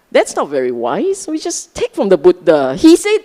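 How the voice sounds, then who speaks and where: Slow, lively Singaporean woman preaching. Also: medium pitch, long reverb tail. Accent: Singaporean English. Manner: conversational, teasing, asks the audience questions. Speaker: Buddhist dharma speaker. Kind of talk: Sunday dharma talk to a live audience. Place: large hall with a live audience.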